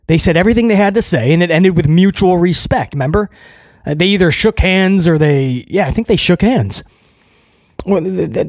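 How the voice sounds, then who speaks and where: A man's voice: fairly high pitch, darkish tone, no echo, studio quality. A man hosting a casual recap show, talking in a sarcastic, mocking way, swearing now and then and often checking in with listeners by asking "right?". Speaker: host recapping a wrestling show.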